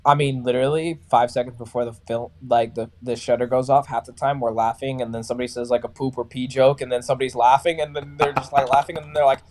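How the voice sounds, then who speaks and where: Male, thirties, singer from California, warm mellow tone, talks in lively anecdotes and acts out the other voices. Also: mid-range voice, quick pace, hardly any pauses. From Sacramento, California. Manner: animated, acts out other people's lines. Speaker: metalcore band vocalist and barber. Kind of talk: casual storytelling in a podcast interview.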